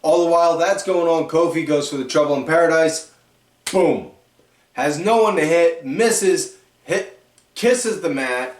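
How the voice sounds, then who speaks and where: A man hosting a wrestling recap podcast, telling matches as animated play-by-play and correcting himself as he goes. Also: a little high, a little slow. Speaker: podcast host. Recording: echoey room, distant mic.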